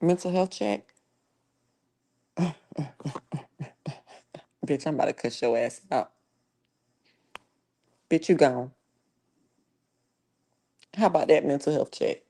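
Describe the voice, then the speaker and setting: A woman's voice: deep voice, expressive, slow, long pauses, warm tone. A woman hosting a casual livestream who talks profanely and scolds trolls in her chat in a confrontational tone. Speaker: livestream host.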